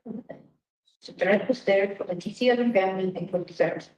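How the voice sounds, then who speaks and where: A woman answers in flat, insistent little statements, leaning on a put-on Russian accent. her level, mid-pitched voice comes off an echoey interview room recording, and she keeps circling back to the same lines. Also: moderate pace, highs cut off.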